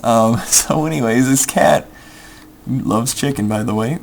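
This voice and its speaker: A man's voice: medium pitch, measured pace, vocal fry, slight background noise. A young man telling a rambling story full of ums while playing a game and muttering his next moves. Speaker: gameplay video creator. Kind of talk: casual storytelling over gameplay.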